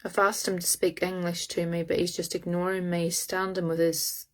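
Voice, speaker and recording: Woman, psychic reading streamed live, lowish voice, monotone, halting, phone mic. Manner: halting, searching for words aloud. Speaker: psychic medium.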